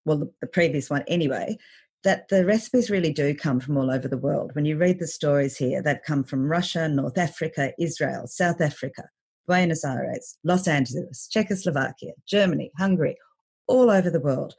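A woman's voice: deep voice, normal speed, creaky, darkish tone, husky. A woman hosting an interview, asking thoughtful questions that build up through lists of examples. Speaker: podcast host.

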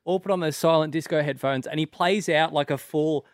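Aussie bloke rambling thru a story on a podcast, kinda high voice, dry mic. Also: male voice, fairly quick, no echo. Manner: rambling anecdotes with fillers. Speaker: podcast co-host. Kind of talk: casual chat.

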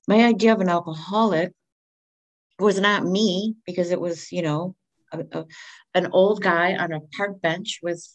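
A middle-aged woman speaking as a guest, telling a personal story candidly and expressively, acting out what people said. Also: on the low side. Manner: candid and expressive, acts out quoted speech.

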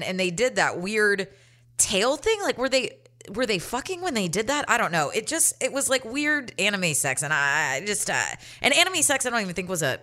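A woman's voice: mid-range voice, pushed and bright. Nasal, foul-mouthed podcast host woman. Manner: profane, sarcastic, rambling. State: stuffy nose from allergies. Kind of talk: solo podcast rant.

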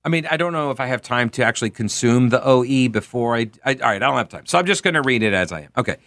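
A man's voice: medium pitch, expressive, rapid-fire, hardly any pauses, fairly bright tone, dry recording. A man hosting a radio talk show, reading history aloud with playful mock grandeur.

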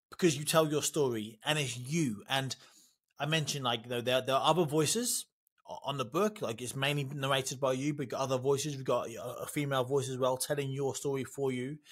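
A man from Britain hosting a podcast, talking warmly and effusively with frequent restarts. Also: medium pitch, normal speed. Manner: effusive, enthusiastic, many restarts. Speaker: podcast host. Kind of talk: casual interview chat. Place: living in America.

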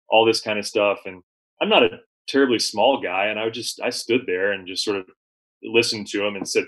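A man, a journalist guest, recounting an experience in relaxed conversation with frequent fillers and restarts. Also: on the low side, brisk, low-quality recording. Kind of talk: conversational storytelling.

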